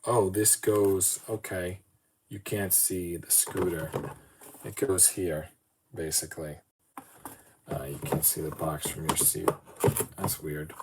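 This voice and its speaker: Very deep-voiced man musing while building. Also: slow pace, long pauses. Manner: rambling, self-deprecating, muttering to himself. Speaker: podcast host. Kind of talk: casual solo talk while building a model. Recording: steady background noise.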